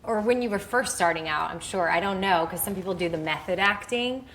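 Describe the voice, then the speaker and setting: A woman's voice: medium pitch, fairly quick, a bit bright, slight background noise, low-quality recording. A woman from Texas hosting a casual interview, bubbly and chatty, reading out fan questions. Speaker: host.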